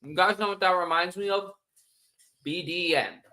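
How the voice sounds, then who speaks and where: A man's voice: high voice, moderate pace, pushed and bright, low-quality recording. A man co-hosting a sports podcast, joking and opinionated in casual chat. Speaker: podcast co-host.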